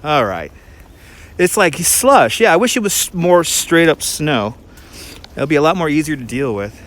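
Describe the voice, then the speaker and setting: A man with a Brooklyn accent talks casually into a handheld phone while walking outdoors through a park. His voice sits a little high for a man, and he rambles quickly with frequent restarts, like a tour guide chatting with viewers. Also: sing-song, a bit bright. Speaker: tour guide and livestream host.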